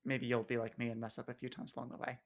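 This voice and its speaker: A man playing his character in a tabletop game, talking in an earnest, reflective way with gentle hesitations. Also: mid-range voice, completely flat delivery, very fast. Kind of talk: in-character roleplay.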